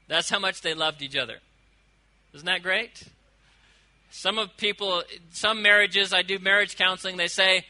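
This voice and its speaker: A man delivers a sermon in a high, very bright voice. He preaches with animation, swinging between loud emphasis and quiet asides. He stretches out quoted lines slowly. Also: rough recording. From United States. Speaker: pastor.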